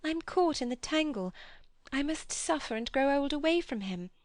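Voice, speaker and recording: A woman voicing a distressed, tearful young woman with a high, anxious voice. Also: lively intonation, normal speed, no echo.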